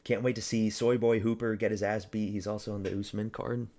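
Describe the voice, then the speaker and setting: A man's voice: on the low side, level tone, fairly quick, dark tone. A young man from Canada chatting casually on a live stream, rambling and crude, mocking fighters and talking to his chat.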